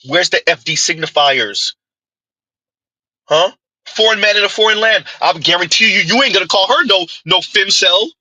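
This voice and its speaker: A man's voice: fairly high pitch, sharp tone, breathy edge, dry recording, low-quality recording. A man giving a mocking opinion commentary, full of rhetorical asides and scornful dismissals. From United States.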